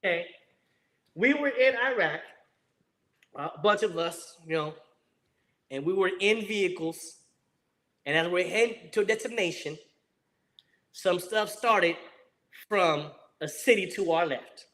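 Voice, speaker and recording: An American man, a former Marine, telling a war story in a lively, profane way and acting out the people he quotes. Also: sits high, a little slow, pauses often. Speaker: guest, former Marine rifleman.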